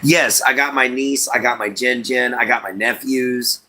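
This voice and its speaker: A middle-aged man from Southeast Texas, chatting casually and haltingly with his livestream viewers by name, with lots of fillers. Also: mid-range voice, steady tone, pushed and bright. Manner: unhurried, halting, many fillers, talks to chat by name. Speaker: livestream host.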